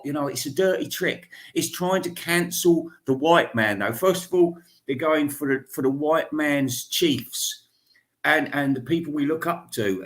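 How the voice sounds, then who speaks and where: A man hosting a radio show, rambling crudely through a comic monologue full of restarts and asides. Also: a little high.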